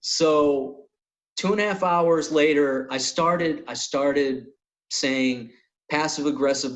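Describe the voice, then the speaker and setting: A middle-aged man, a comedian hosting a talk show, telling a long story in a loose, animated way. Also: medium pitch, low-quality recording. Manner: animated storyteller, acts out quotes. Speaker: podcast host and comedian. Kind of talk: casual storytelling.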